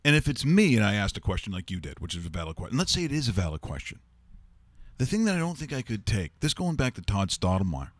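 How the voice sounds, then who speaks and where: Low-voiced man hosting casual sports talk. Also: big pitch swings, quick pace, no echo. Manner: chatty, storytelling, joking. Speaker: sports talk show host. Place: studio.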